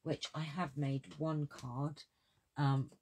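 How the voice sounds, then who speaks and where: A woman's voice: low-pitched, steady tone, slow pace, darkish tone, breathy edge, dry recording. A middle-aged woman chatting through a craft catalogue, gushing and repeating her praise. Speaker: crafting demonstrator. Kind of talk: casual product walkthrough.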